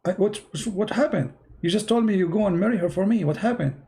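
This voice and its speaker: A man's voice: fast talker, warm tone, slight background noise. A man voicing a flustered young man who pleads with his father in a joke. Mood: pleading. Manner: high, pleading, incredulous.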